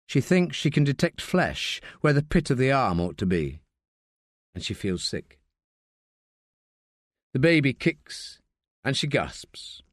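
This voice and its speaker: A man reads an audiobook in a measured, expressive way. His intonation moves very widely at a mid pitch. The recording is close and completely dry. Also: no room sound. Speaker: audiobook narrator. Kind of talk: scripted audiobook narration.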